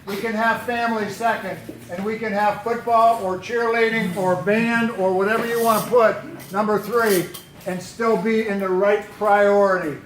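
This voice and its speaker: High-voiced pastor in an echoey room. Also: male voice, moderate pace, a little hiss or hum. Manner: lively, quizzing the listeners and repeating their answers. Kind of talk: talk to a youth football team.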